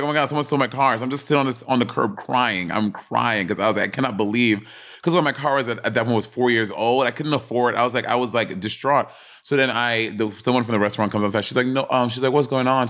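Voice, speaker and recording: A young adult man co-hosting a podcast, telling stories casually and with animation. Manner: animated storytelling, jumps into high voice for quoted panic. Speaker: podcast co-host. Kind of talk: casual chat.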